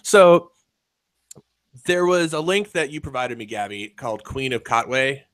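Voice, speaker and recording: A man hosting a podcast, talking loose and profane with frequent laughs. His voice sits at an ordinary middle pitch. The sound is dry and close to the mic. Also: animated, measured pace, fairly bright tone, clear, resonant tone, dry recording. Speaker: podcast host. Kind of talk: casual chat.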